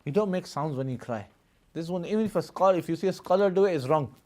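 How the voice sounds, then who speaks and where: Talking fast with an expressive, slightly mellow voice on the high side, this man teaches religious studies to a live class. His explanations run long, he laughs a lot, and he regularly checks on students with "Yes?" or "Yeah?"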